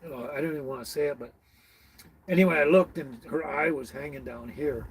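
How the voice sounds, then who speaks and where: A man's voice: a little high, brisk, husky, poor audio. A middle-aged man hosting a casual live stream, chatting with viewers by name in a rambling way and laughing often. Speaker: livestream host.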